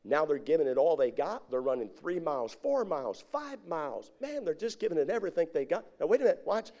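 A man's voice: a little high, very animated, quick pace, dark tone. A middle-aged man preaching a sermon as pastor, drawing his congregation in with call-and-response questions.

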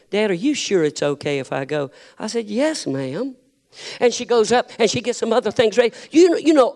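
A middle-aged man preaches a sermon. He talks in a high voice and moves from quiet storytelling to passionate shouting. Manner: impassioned, builds to shouting.

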